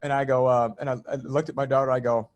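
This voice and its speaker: A man's voice: medium pitch, level tone, quick pace. A middle-aged man guesting on a spiritual podcast, telling a story in casual chat and acting out his own quoted lines, with the odd swear word.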